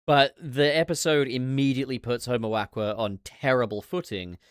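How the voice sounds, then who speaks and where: A man hosting a casual livestream chat, swearing freely and throwing in quick asides. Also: mid-range voice, steady tone, smooth, no room sound, studio quality. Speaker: podcast host.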